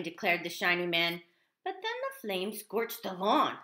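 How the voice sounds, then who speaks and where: A woman reading a children's picture book aloud in an animated, expressive way. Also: medium pitch, unhurried. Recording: echoey room.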